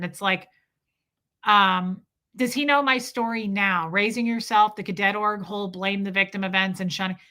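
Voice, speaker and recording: Hosting a livestream, a woman speaks in a sharp tone at a medium pitch. Her heartfelt personal story comes out confidingly to the chat, broken up by frequent restarts.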